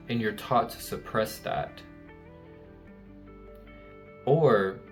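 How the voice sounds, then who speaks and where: A young man giving an earnest, emphatic motivational talk, repeating key lines and swearing casually. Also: on the low side. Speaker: self-help speaker.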